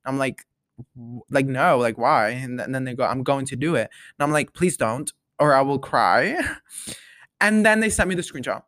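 A man's voice: mid-range voice, moderate pace, pauses often, fairly bright tone, dry recording, studio quality. A young man hosting a casual solo podcast, telling stories dramatically and rambling with lots of fillers. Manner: rambling, dramatic storytelling with many fillers and repeated "like". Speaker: podcast host.

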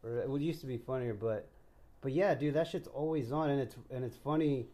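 A man's voice: mid-range voice, brisk, warm tone. Laid-back young man, swearing casually. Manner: laid-back, profane, says dude a lot. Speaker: podcast co-host. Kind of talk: casual chat.

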